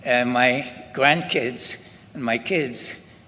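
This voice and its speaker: An older man from Scotland with a Scottish accent, giving halting personal testimony at a memorial ceremony, often restarting his sentences. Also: mid-range voice, sharp tone. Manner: unhurried, halting, with frequent restarts. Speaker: Holocaust survivor speaker. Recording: long hall reverb with faint ambient noise.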